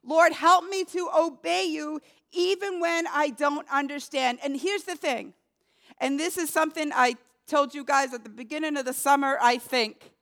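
A woman's voice: high-pitched, fairly even intonation, normal speed, a bit bright. A woman preaching a sermon in an earnest, emphatic way, speaking prayers aloud as examples.

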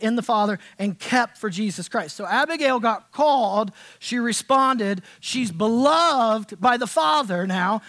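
A man with a notably high voice preaches to his congregation in a loose, conversational way. He drops almost to a whisper for tender moments and climbs to loud, excited emphasis for others. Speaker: pastor. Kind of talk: sermon. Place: church sanctuary.

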